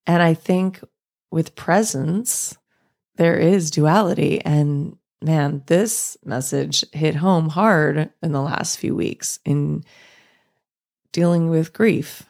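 A woman in her thirties talks through a reflective solo podcast in a low, gently gravelly voice. She speaks slowly and thoughtfully, easing into soft laughs. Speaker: podcast host.

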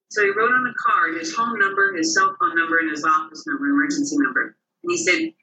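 An interview guest talks fast with hardly any pauses, his medium-pitched voice animated as he acts out the people in his personal stories. The recording sounds roomy and distant.

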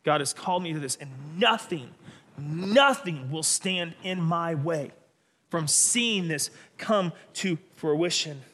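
A preacher acting out a stern, resolute male teacher who speaks in slow, firm, emphatic pronouncements. The voice is bright and forceful. A hall's long reverb trails every word. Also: on the high side, expressive, full character voice.

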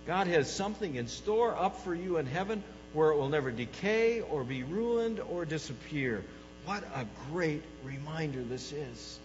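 A man preaching a sermon, moving between soft, low passages and loud, rising ones, and putting questions to the congregation. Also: lively intonation, measured pace. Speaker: pastor. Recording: dull hall recording with mains hum.

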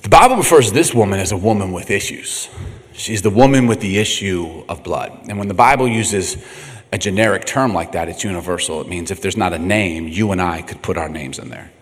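A man's voice: deep voice, fairly quick. A middle-aged man preaching a sermon, telling funny family stories with lots of laughter and acted-out voices. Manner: animated, laughing, acts out quotes. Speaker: pastor. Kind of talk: humorous sermon storytelling. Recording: echoey hall reverb.

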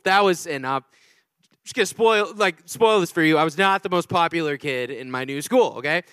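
Young pastor guy, high bright voice, jokey and chatty sermon, dry close sound. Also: moderate pace, no echo. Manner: humorous, animated, chatty with the congregation. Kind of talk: sermon with storytelling.

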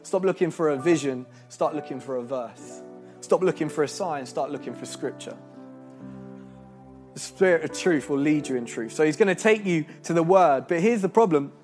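High-voiced young preacher. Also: male voice, normal speed, faint music behind. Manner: earnest and animated, with restarts and laughs. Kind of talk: sermon with storytelling.

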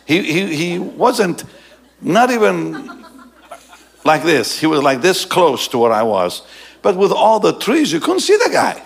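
A male pastor telling a story in a sermon, animated and often laughing, and dropping low and soft for the serious parts. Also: a little slow, vocal fry, slight background noise.

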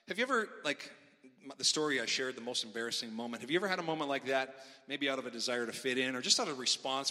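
A middle-aged man preaching a sermon as a pastor, telling stories with big swings in loudness. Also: medium pitch. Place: large church hall. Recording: long hall reverb.

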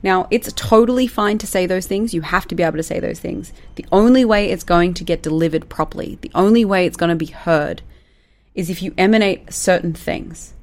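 A woman's voice: lowish voice, fairly quick, darkish tone. A woman, giving casual, direct advice to managers and acting out quoted dialogue in a playful way. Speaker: business coach for managers.

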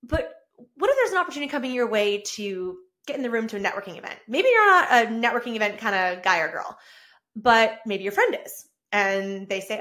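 A woman's voice: a little high, fairly quick. A woman hosting her own solo podcast, talking in an effusive, upbeat way that rambles with restarts. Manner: effusive and upbeat, gushing with excitement. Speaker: podcast host. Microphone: own camera and mic.

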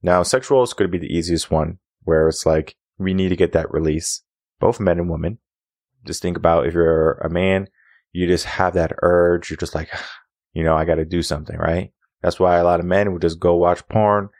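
A man's voice: low voice, steady tone, normal speed, a little mellow, no echo, studio quality. A young adult man hosting a podcast, giving an opinionated monologue full of rhetorical questions. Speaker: podcast host.

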